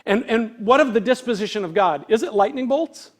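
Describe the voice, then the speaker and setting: High-voiced man preaching a sermon. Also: lively intonation, fast, hardly any pauses. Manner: earnest, conversational preaching with rhetorical questions; acts out quoted voices with big swings in pitch and volume. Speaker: pastor.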